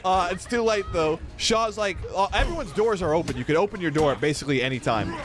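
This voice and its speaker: A man's voice: high-pitched, lively intonation, quick pace. A man streaming a game while telling a story in a rambling, profane way, full of "dude" and "like". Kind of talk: casual storytelling while gaming.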